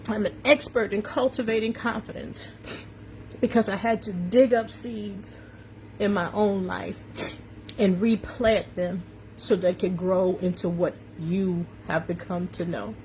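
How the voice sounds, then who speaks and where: A woman's voice: mid-range voice, fairly even intonation, unhurried, darkish tone, slight background noise. A woman coach with a slight New York accent, hosting a live stream and speaking in a preachy, emphatic way, repeating her key phrases and greeting viewers by name. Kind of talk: live-stream motivational talk. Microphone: phone or webcam on a social media live video.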